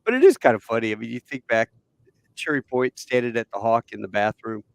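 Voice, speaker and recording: A man in his fifties hosting a podcast, chatting casually and telling stories with a relaxed, laughing manner. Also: medium pitch, fairly quick, gravelly. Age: 50s. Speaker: podcast host. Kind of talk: casual conversation.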